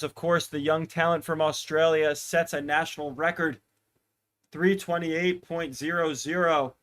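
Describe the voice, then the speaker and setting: A young man commentating a track race live for a watch-party stream, getting excited as the race builds and chatting to viewers. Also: fairly high pitch. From United States. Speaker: podcast host commentating a race.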